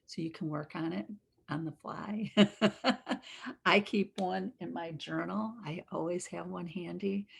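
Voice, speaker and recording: A woman in her forties talks through her own stories as she teaches, her voice gravelly with a husky edge. She is chatty and animated, often repeating a word as she goes. It is a casual, unscripted delivery. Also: fairly low pitch, takes it slowly. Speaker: emotional wellness teacher. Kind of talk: casual personal storytelling and teaching.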